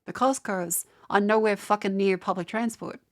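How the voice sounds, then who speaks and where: A woman's voice: mid-range voice, fairly even intonation, normal speed. A young Australian woman streaming live, chatting casually, exasperated and swearing as she rants at her chat.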